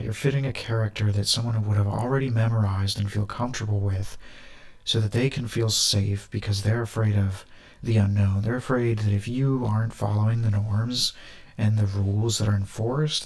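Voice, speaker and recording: A man thinking out loud in a loose, casual monologue full of fillers, recorded with doubled audio that gives a flanger-like effect. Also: lowish voice, vocal fry. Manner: loose, filler-heavy stream of thought.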